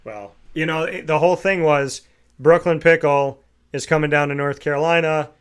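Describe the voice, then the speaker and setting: A man hosting a morning sports talk show, his voice pitched a little high. He talks quickly and eagerly, and runs through sponsor plugs with energy. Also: clear, resonant tone. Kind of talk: casual morning show chat.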